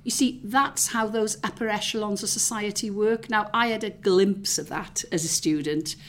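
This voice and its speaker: A middle-aged woman from the South Wales valleys, speaking with a Welsh accent, reminisces as a guest in a reflective, conversational interview. Her voice is medium in pitch and moderately paced. She's chatty, full of fillers and restarts.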